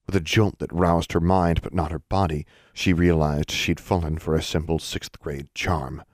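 A man narrating a fantasy audiobook in a steady storytelling manner. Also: a bass voice, normal speed, dry recording, studio quality.

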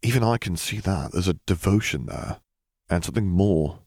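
A man's voice: sits low, lively intonation, normal speed, a little mellow, dry recording. A man voicing Zev, a sassy, curious young man with a dry, teasing way of talking.

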